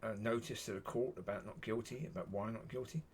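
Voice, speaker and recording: A man's voice: fairly low pitch, brisk, slight background noise. A man, talking casually to camera in a rambling, repetitive way, plain-spoken and exasperated. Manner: rambling and repetitive, circling back on itself. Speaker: vlogger.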